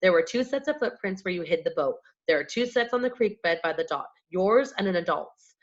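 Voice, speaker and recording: A steady small-town detective, read by a woman in an audiobook, measured and dry, in a fairly low woman's voice. The recording is a bit muffled and lo-fi. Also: lightly acted.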